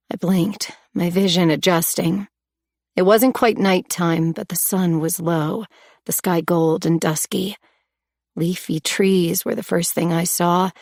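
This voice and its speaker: A woman's voice: lowish voice, darkish tone, no echo, clean studio sound. A woman reading a first-person story aloud with emotional, tense delivery. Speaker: audiobook narrator. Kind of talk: first-person audiobook narration.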